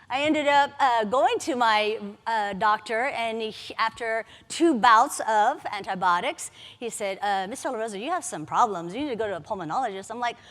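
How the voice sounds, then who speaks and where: Woman, fairly high voice, lively and candid speaker with humor, live talk in a reverberant conference hall. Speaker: patient advocate speaker. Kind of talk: personal story told to a live audience.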